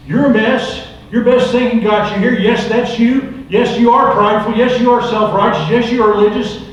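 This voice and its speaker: Brief: middle-aged male preacher, high voice, repetitive rhetorical style, distant mic in a very echoey room. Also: steady tone, moderate pace, lo-fi sound. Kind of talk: recovery ministry sermon.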